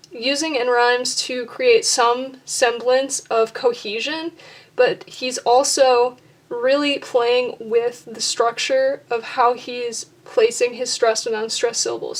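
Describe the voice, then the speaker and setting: A young woman with a slightly high voice talks through poetic meter in a relaxed, unscripted lesson. She reasons her way along and stops to correct herself mid-sentence. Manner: thoughtful, self-correcting, talks through ideas slowly. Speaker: poetry teacher, channel host. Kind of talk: casual instructional talk on poetry.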